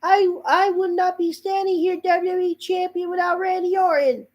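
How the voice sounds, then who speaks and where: Earnest male pro-wrestling champ cutting a sincere promo, high and steady, as a man mocks him. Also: moderate pace, dull audio. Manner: solemn, sincere, speech-like delivery.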